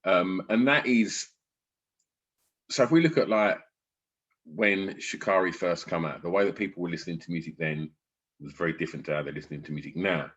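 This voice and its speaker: A middle-aged man hosting a podcast interview in a casual, chatty way, sometimes lively, often trailing off low. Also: a little fast, slightly rough. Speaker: podcast host. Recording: dull lo-fi sound.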